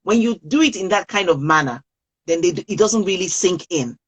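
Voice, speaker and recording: A woman's voice: lowish voice, expressive, normal speed, slightly rough, muffled recording. A woman coaching parents on a live video call, speaking earnestly and repeating key phrases for emphasis.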